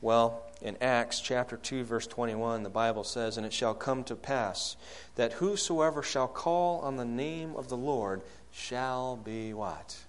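A man preaching a sermon, asking the congregation questions and swinging from loud, high calls to low, soft lines. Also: a little slow, few pauses. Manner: rises loud and high when acting out quoted prayers, drops low and soft on key lines.

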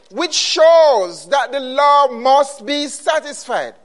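Slow, high-voiced male preacher. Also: fairly bright tone. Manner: emphatic, repeats key phrases. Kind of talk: sermon.

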